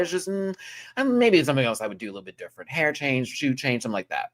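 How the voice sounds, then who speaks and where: Animated male host reviewing a show live. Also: mid-range voice, fast. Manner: animated, repeats words for emphasis.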